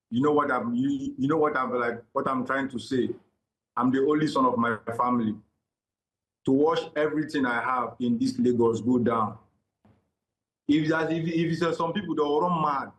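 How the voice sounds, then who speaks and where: A man's voice: mid-range voice, fairly even intonation, normal speed, long pauses, a bit bright, rough recording. An emotional man pleading and apologizing repeatedly as a guest on a live TV broadcast. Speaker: interview guest.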